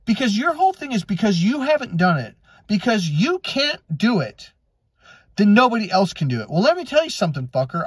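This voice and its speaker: A man with a slightly high, husky voice gives a casual motivational talk as a coach. His pitch swings widely as he tells stories and acts out both sides of conversations, with frequent swearing. He is recorded close and dry, with no room sound. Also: no echo. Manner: blunt and profane, tells stories with acted-out dialogue. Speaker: life and relationship coach.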